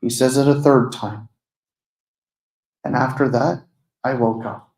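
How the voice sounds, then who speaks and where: A man's voice: medium pitch, fairly even intonation, a little mellow. Man telling a story in an echoey mosque. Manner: earnest, conversational, slows down to stress key moments. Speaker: preacher giving a night talk. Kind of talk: personal storytelling sermon. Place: mosque prayer hall.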